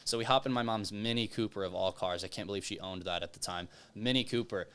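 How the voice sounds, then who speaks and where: Young guy from texas rattling off a story fast, lowish smooth voice, acts out everyone's lines. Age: young adult. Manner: animated, acts out quoted voices. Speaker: guest author. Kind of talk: casual storytelling.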